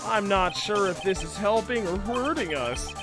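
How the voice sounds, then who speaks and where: Sarcastic, high-voiced streamer man. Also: lively intonation, moderate pace. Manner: crude and sarcastic. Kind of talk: let's play commentary. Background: game music.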